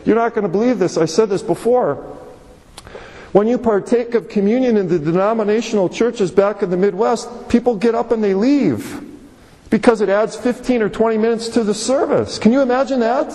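A man's voice: high voice, a little mellow, long reverb tail, rough recording. A male pastor preaching a sermon, emphatic, with repeated phrases and rhetorical questions.

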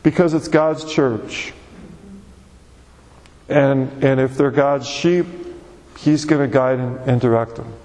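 A man's voice: mid-range voice, steady tone, slow pace, long pauses, a little mellow. A male pastor preaching a conversational, emphatic sermon to his church, repeating words as he presses his points. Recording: long reverb of a large hall.

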